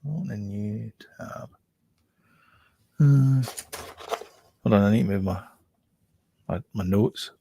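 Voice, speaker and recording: A man's voice: on the low side, slow pace, vocal fry, long pauses, warm tone, a little hiss or hum. A man co-hosting a casual film review chat, rambling with many fillers and restarts.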